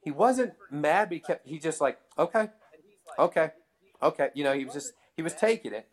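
A man in casual storytelling mode, chatting with a co-host. He laughs often and switches into quoted voices as he replays a conversation. He is relaxed and talkative. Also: on the high side, quick pace.

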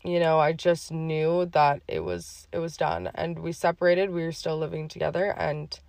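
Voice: mid-range voice, normal speed, vocal fry, darkish tone, no echo. A podcast host speaking in a heartfelt, emotional personal monologue, with many fillers along the way.

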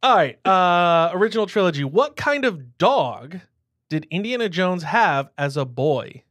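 Podcast guy chatting, kinda high voice that bounces around a lot, laughs a bunch. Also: big pitch swings, unhurried, a bit bright, no room sound. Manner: playful, laughs often, trails off mid-thought. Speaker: podcast co-host. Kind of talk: casual chat.

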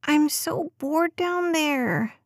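A woman's voice: sits high, animated, extremely slow, dry recording, clean studio sound, voice pushed up, full character voice. A woman voicing a stubborn, whiny little preschool girl in an audiobook, with a pleading, complaining way of talking.

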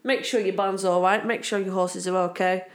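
A woman's voice: mid-range voice, steady tone, fairly quick. A woman from Britain co-hosting a podcast in casual, playful chat. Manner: playful, bursts into silly voices and laughter. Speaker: podcast co-host.

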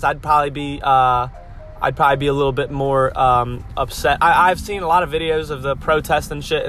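A young man with a bright, forceful, slightly high voice rants bluntly and swears freely, rambling through fillers. He stops to sound out tricky names letter by letter, with faint music in the background. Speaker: fight-sport vlogger. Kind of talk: casual profane rant.

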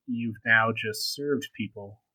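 A man's voice: on the low side, slow, sharp tone, husky, dry recording, rough recording. A man co-hosting a podcast in casual chat, hesitant and full of ums and trailing asides. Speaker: podcast co-host.

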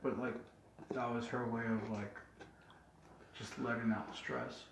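A man's voice: mid-range voice, flat delivery, moderate pace, background noise. Young man rambling through a story, echoey. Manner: earnest, rambling storytelling with many "like"s. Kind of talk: casual chat. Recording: echoey room, dull lo-fi sound.

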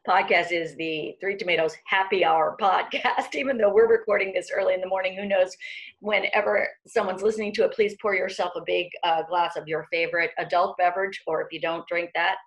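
A woman's voice: on the low side, steady tone, fairly quick. Woman podcast host, affirming. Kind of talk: podcast interview.

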